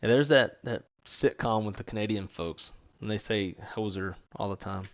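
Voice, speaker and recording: A man co-hosting a live flight-simulator stream in casual chat, relaxed, laughing often and swearing offhandedly. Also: on the low side, normal speed, dull audio. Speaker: stream co-host.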